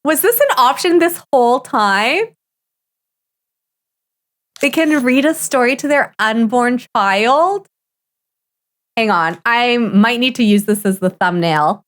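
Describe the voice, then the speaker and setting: A woman streamer giving casual live gameplay commentary, excitable and gushing, often gasping and laughing. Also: a little high, slow, long pauses.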